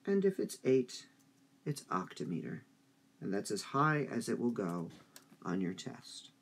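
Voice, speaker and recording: A man teaching a high school English review lesson, speaking slowly and deliberately and drawing out stressed syllables. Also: very animated, slightly rough.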